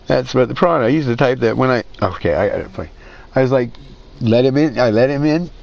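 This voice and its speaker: A man's voice: mid-range voice, lively intonation, quick pace, gravelly, a little mellow. A man hosting a racing league stream, telling rambling stories in casual talk and swearing constantly. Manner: rambling, swears constantly, mimics others in quotes. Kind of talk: casual profane storytelling.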